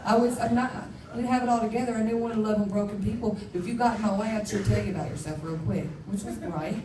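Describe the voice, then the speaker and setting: A woman's voice: medium pitch, fast, background noise. A woman giving a candid, emphatic personal testimony as a conference speaker, often laughing at herself. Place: conference hall. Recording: roomy hall, speaker far from mic.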